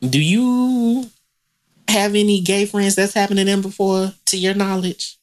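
A man's voice: high-pitched, monotone, moderate pace. A man co-hosting a casual podcast chat, talking bluntly and profanely with lots of animation. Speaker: podcast co-host.

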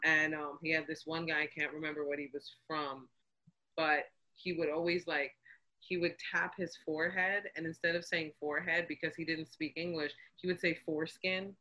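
A woman's voice: low-pitched, normal speed, poor audio. A woman podcast host, telling stories and acting out quotes in casual chat. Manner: animated storyteller, acts out quotes.

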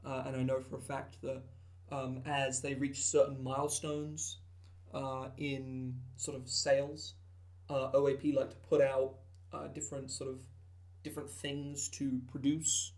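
On a podcast, this co-host chats casually about tabletop game content, wandering off track with many fillers and false starts. He speaks in a monotone at medium pitch, a little slowly, with a slightly mellow sound.

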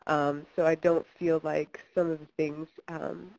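A woman's voice: low voice, level tone, unhurried, gravelly, darkish tone, no room sound, rough recording. A young woman from Kentucky, a filmmaker guest in an interview, talking chattily with many fillers and restarts. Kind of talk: interview conversation.

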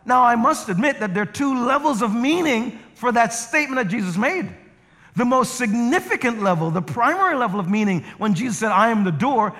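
A male guest preacher with a strikingly high voice delivers a sermon full of animated storytelling. His pitch rises and falls in a lively way. The sound carries the long reverb of a large church hall. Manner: animated storytelling with acted quotes. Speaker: guest pastor. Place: church sanctuary.

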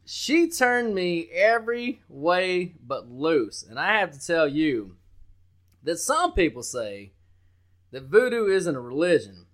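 A man co-hosting a sports betting podcast, talking loudly and brashly with lots of swearing and hype. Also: on the high side, sing-song, slow. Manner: loud, brash, profane and hyped. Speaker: podcast co-host.

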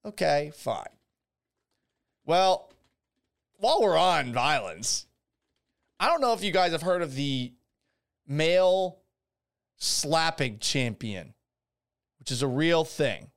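A man's voice: on the high side, big pitch swings, takes it slowly, gravelly, pauses often. A man hosting a live-streamed podcast, talking in a rambling, sarcastic and profane way. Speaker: podcast host. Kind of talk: casual live-stream commentary.

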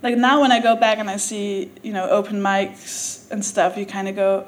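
Her mid-range voice stays level in tone, with a little hiss or hum on the recording. She's a Danish comedian appearing as a guest on a live podcast, telling a comic story in a theatre packed with a laughing audience, and she laughs a lot, makes quick asides and performs the quotes.

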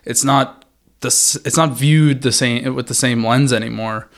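A man's voice: mid-range voice, fairly even intonation, normal speed. A man co-hosting a podcast, chatting casually about hockey with wry, joking asides. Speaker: podcast co-host. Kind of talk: casual sports chat.

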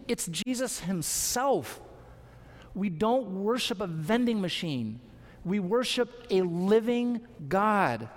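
A man preaching a sermon as pastor, earnest and emphatic, with deliberate pauses. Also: high voice, in a large hall.

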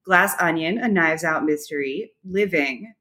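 A woman in her thirties co-hosting a podcast, quick and joking in casual chat. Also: low-pitched, sharp tone. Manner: quick, joking, laughs easily. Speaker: podcast co-host.

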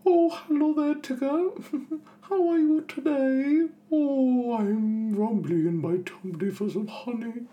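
A man voicing a gentle, honey-loving cartoon bear, speaking slowly and softly in a raised voice. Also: very high-pitched, dull audio, voice pushed up. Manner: slow, soft, dreamy.

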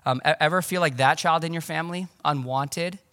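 A man preaching a sermon as pastor, conversational and animated, with casual asides. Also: a little high, fairly quick, in a large hall. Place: church.

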